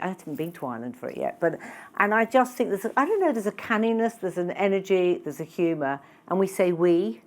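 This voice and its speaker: A woman with a fairly low voice chats on a stage mic in front of a live audience. She talks loosely and warmly about her work, tossing in jokes at her own expense and sharp little asides. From England. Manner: chatty, self-deprecating, humorous asides. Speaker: guest speaker, retail expert and author. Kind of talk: casual stage conversation. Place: conference room with live audience. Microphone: handheld or lapel mic.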